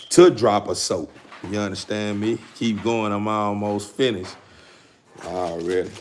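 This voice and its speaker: A man hosting a casual livestream to his viewers, talking in loose, repetitive street slang with frequent stammers. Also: on the low side. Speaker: dog-breeding channel host.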